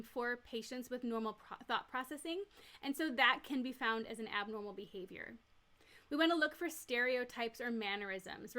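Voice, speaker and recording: A woman's voice: a little high, fairly bright tone. A woman who teaches nurses, giving a recorded lecture and explaining each step plainly with everyday examples. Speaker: nurse educator.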